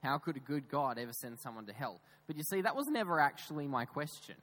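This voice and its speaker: A man preaching a sermon in a church, emphatic, with raised stresses that drop into quiet, low asides. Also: lively intonation, fast, rough recording. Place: church with screens.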